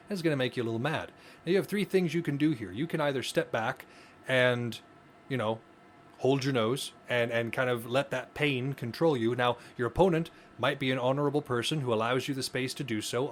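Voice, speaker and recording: A man's voice: medium pitch, slight background noise. A man co-hosting a podcast, explaining ideas earnestly in casual conversation, often restarting his phrases. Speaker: podcast co-host.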